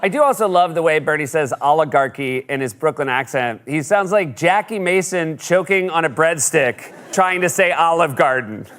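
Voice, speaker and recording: A man's voice: on the high side, normal speed, few pauses, a bit bright. A man hosting a comedy show, delivering a scripted monologue with sarcastic, mock-exasperated jokes.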